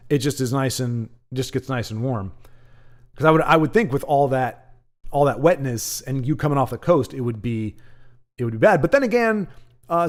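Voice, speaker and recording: A man hosting a live card-game stream, rambling and ranting in casual chat between bits of game commentary. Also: mid-range voice. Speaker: stream host and caster.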